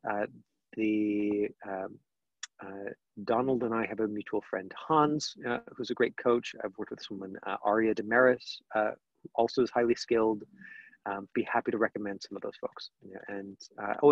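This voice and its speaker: Acting teacher, male, gravelly voice, casual chatty delivery, dull dry call audio. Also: mid-range voice, no echo. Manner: conversational, many fillers and restarts. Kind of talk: online Q&A lesson.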